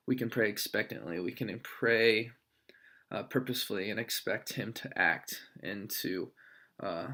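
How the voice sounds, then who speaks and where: A young man, a student, recording a discussion post in a thoughtful, halting way with many fillers. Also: fairly low pitch, a bit bright.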